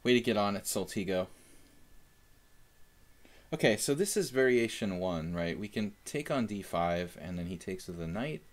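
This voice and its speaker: A man's voice: fairly low pitch, animated, moderate pace, pauses often. A young man chatting casually while analyzing chess moves on a live stream, thinking aloud with fillers.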